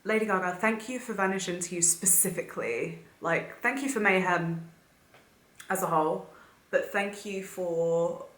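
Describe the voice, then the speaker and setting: A woman's voice: fairly low pitch, normal speed, a bit bright, roomy sound. A young woman, gushing emotionally and chatting casually as she reacts to music for her vlog. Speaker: vlogger.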